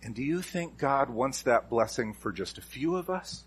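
A man delivers a sermon as a pastor. His voice is husky with a slightly breathy edge. He presses his points hard, repeating key lines and moving the stress from word to word. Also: medium pitch, expressive, normal speed. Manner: emphatic, repeats key phrases with shifting stress.

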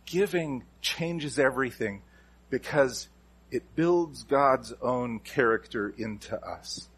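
A man delivers a sermon as a pastor. His voice is husky with a slightly breathy edge. He presses his points hard, repeating key lines and moving the stress from word to word. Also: mid-range voice, takes it slowly. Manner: emphatic, repeats key phrases with shifting stress.

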